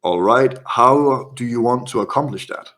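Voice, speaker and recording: A man narrates a tabletop role-playing session as its game master. His voice sits at a middle pitch, and he describes each scene in a playful, storytelling way. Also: moderate pace, fairly bright tone.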